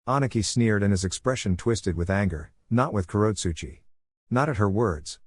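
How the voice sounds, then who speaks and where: A man reads fan fiction aloud in a steady, plain way. His voice sits on the low side. The recording is dry and close, with no room around it. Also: normal speed, slightly rough, no room sound. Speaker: narrator.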